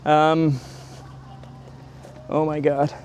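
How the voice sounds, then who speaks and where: A man's voice: on the high side, level tone, very slow, darkish tone. A man giving a chatty, rambling walking-tour vlog outdoors by a stadium, filming on a handheld camera or phone and greeting passers-by. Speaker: travel vlogger.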